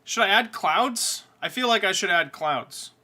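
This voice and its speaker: A man live-streaming as he draws a coloring page, quietly talking himself through the work with joking asides. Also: high-pitched, animated, unhurried. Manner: mumbles quietly to himself while working, jokey asides. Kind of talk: casual live-stream chat while drawing.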